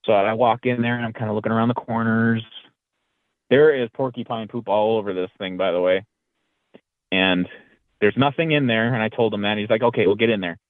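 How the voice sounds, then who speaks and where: A man's voice: fairly low pitch, a little fast, dry recording. A man, a podcast guest, telling a story in a casual way and acting out the lines he quotes. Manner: lively retelling that acts out quoted lines. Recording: dry, tinny phone-like line.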